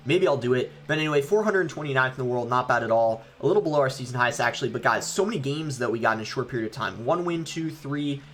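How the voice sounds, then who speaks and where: A man's voice: medium pitch, a bit bright, slight background noise. A young man casually commenting on his own gameplay as he plays, thinking aloud with frequent ums. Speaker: gaming YouTuber.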